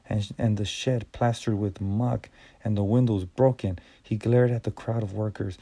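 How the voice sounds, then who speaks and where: A man narrating an audiobook in a measured reading style with small stumbles and restarts. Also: fairly low pitch, fairly even intonation, creaky, mellow, no room sound.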